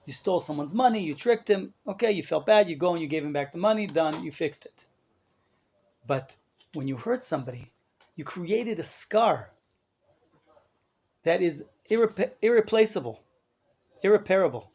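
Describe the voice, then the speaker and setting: A man's voice: high voice, animated, normal speed, vocal fry, long pauses, darkish tone, slightly rough. A man rabbi giving a live lecture to a class, emphatic and full of rhetorical questions, dropping in Hebrew terms. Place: study hall class with listeners.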